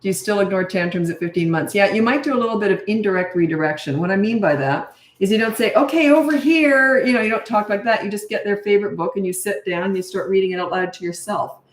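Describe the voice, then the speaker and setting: A woman's voice: medium pitch, quick pace, hardly any pauses, slight background noise. Blunt no-nonsense woman parenting coach. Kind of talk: casual Q&A advice. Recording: echoey room.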